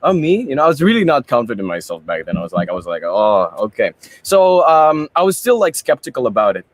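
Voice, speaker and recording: A man's voice: mid-range voice, big pitch swings, fast, no room sound. A young man and pageant candidate, answering interview questions in a chatty, rambling way and mixing in Tagalog phrases. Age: young adult.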